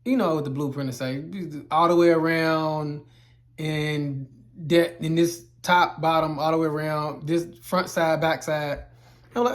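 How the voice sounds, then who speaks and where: A man's voice: a little high, measured pace, a bit bright. A man teaching welding terms in a casual explainer video, loose and rambling, repeating himself, with playful exaggerated asides. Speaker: welding instructor.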